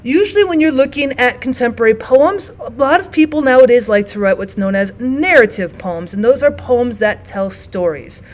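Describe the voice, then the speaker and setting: Female teacher, fairly high pitch, patient classroom explainer who slows down to read poems. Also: lively intonation. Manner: explains step by step, reads poems aloud slowly. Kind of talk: classroom lesson.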